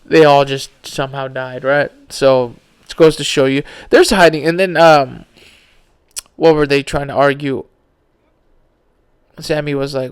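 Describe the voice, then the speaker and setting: A man's voice: mid-range voice, fairly even intonation, measured pace, clean tone. A tired man hosting a podcast alone, rambling in casual slang about conspiracy theories, yawning as he talks. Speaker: podcast host.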